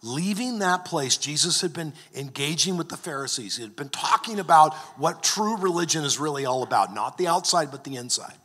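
A man's voice: a little high, animated, brisk, few pauses, bright, forceful tone, breathy edge. A man preaching a sermon, earnest, often restarting and repeating words. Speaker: pastor. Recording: long hall reverb.

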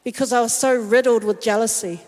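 A woman giving a personal testimony sermon, telling her story in a lively way and acting out the voices she quotes. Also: on the high side, fairly quick. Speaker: worship singer and speaker. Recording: long reverb of a large hall.

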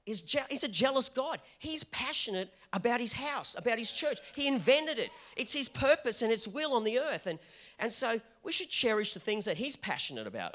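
A middle-aged Australian pastor with a voice that sits high preaches a passionate, animated sermon, frequently restarting his sentences.

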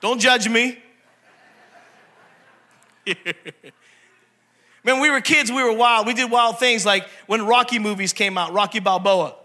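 Animated high-voiced preacher man. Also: measured pace, pauses often. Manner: animated, jokey, quizzes the congregation. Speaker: pastor. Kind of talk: humorous sermon.

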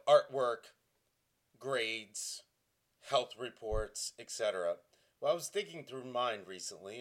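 A man in his forties from Tennessee, giving self-mocking dramatic readings with a mock-dramatic, self-deprecating delivery. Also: mid-range voice. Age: 40s. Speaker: comedic vlogger.

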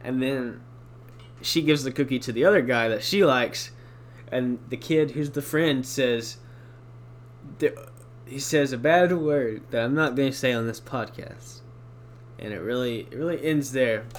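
A man's voice: mid-range voice, a little slow, a little hiss or hum. Rambling, chatty male podcast host. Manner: rambling, self-correcting, chatty. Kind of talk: casual solo review podcast.

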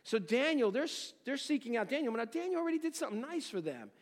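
A high-voiced man preaching with wide, lively swings of pitch. He throws rhetorical questions at the congregation and moves from ringing exclamations to near-hushed lines. His voice carries a long reverb, as in a large hall. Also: quick pace. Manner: dramatic, swings between loud exclamations and near-hushed phrases; asks the listeners rhetorical questions. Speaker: pastor. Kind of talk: expository sermon.

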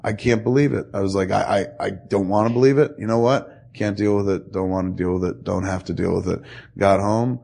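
A man's voice: on the low side, fairly even intonation, fairly quick, gravelly, a little mellow. A man hosting a casual podcast, telling a long profane story with lots of acted-out quotes. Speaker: podcast host.

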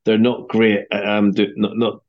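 A man's voice: on the low side, completely flat delivery, moderate pace, dull audio. A man with a Northern Irish accent hosting a casual football podcast, wry and self-deprecating as he chats with guests. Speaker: podcast host.

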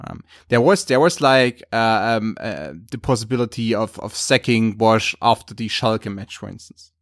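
Low-voiced man, dry close sound. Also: moderate pace, a bit bright, dry recording. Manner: thinking aloud with fillers. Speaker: podcast co-host. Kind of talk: casual football podcast chat.

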